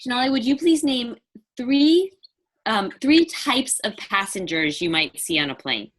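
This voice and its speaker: A woman's voice: a little high, animated, measured pace, a bit bright. A woman co-hosting and running a quiz game, giggly in manner. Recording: roomy echo.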